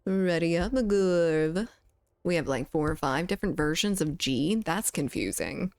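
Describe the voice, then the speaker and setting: A woman's voice: fairly low pitch, animated, a little slow, darkish tone, dry recording. Chatty Southern US woman streamer. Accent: mild Southern US. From southern United States. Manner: chatty, reads chat aloud, laughs often. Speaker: game streamer. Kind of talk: casual live-stream chat while gaming.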